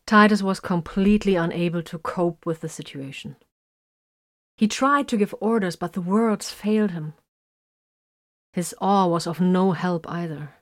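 A woman's voice: mid-range voice, no echo. Dry-voiced woman audiobook narrator. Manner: dramatic swings between loud emphasis and hushed lines. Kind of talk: scripted narration of military science fiction.

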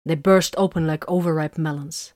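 A woman narrates a fantasy action story in a steady, measured way. Her voice sits somewhat low. The recording is dry and close, with no room sound. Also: no echo. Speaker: audiobook narrator. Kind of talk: scripted narration.

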